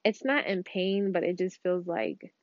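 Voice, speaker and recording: A woman's voice: fairly low pitch, steady tone, measured pace, no room sound. A young woman hosting a podcast, telling a rambling personal story in casual, slangy, candid talk from home. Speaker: podcast host. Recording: dull lo-fi dry recording.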